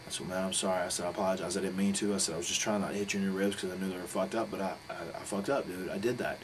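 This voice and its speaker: A middle-aged man telling a story in a casual interview, swearing freely and acting out quotes with sudden loud bursts. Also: low-pitched, steady tone, racing, hardly any pauses, slight background noise, poor audio.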